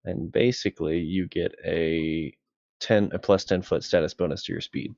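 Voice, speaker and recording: A man with a low, gravelly voice chats casually as a tabletop game player. He thinks aloud and hesitates often. The close, dry sound is a bit muffled, like online call audio. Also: steady tone, moderate pace, darkish tone, no echo.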